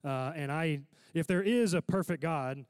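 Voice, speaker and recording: A man's voice: a little high, measured pace, clean tone, dry recording. A man preaching a sermon in a casual, conversational way, often checking in with his listeners.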